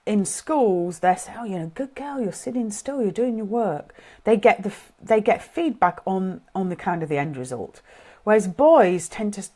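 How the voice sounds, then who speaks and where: This middle-aged British woman speaks in a lowish register with a dark tone. She's a parenting coach giving an informal, earnest talk, working out her thoughts aloud as she goes.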